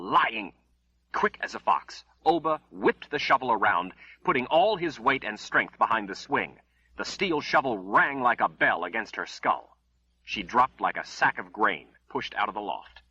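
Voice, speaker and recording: Husky low-voiced male audiobook narrator. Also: lively intonation, bright, forceful tone, dry recording, dull audio. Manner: measured, dramatic storytelling. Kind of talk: scripted dramatic narration.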